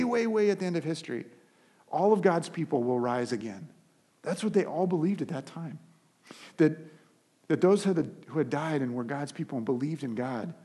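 A man preaching a sermon as a pastor, telling a story with animated energy and frequent restarts. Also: on the high side, breathy edge.

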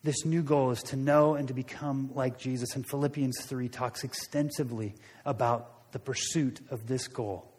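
A man's voice: medium pitch, steady tone, normal speed, darkish tone, slightly rough, long reverb tail. A man preaching a sermon, telling a story in a loose, conversational way with frequent restarts. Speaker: pastor.

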